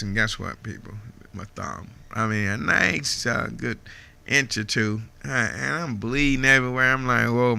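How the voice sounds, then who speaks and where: A man's voice: fairly low pitch, creaky, pushed and bright. A man in his fifties hosting a radio show, chatting casually with listeners, laughing often and filling his talk with "man" and "you know.". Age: 50s. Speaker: radio host. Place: radio studio.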